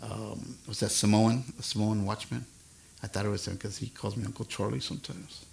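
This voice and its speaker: An older man hosting his own live stream, chatting with viewers in a rambling, soft-spoken way. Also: fairly low pitch, steady tone, brisk, gravelly. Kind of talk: casual chat with viewers between songs. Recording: acoustic guitar music behind the voice.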